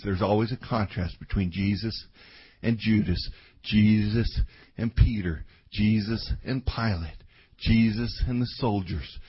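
A man preaching a sermon, swinging from loud outbursts to quiet asides, in a dull lo-fi recording. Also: on the low side, husky.

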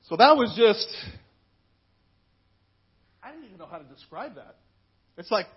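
A man's voice: sits high, animated, a little slow, pauses often, breathy edge, muffled recording. A man in his fifties, a minister, telling his own story in a candid, conversational church testimony with plenty of asides. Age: 50s. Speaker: minister giving a personal testimony.

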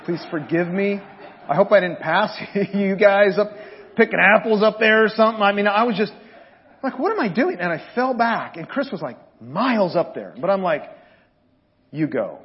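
A man preaching a sermon as pastor, telling animated, joking stories to his congregation. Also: high voice, normal speed, highs cut off. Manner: animated storytelling, jokes with the congregation.

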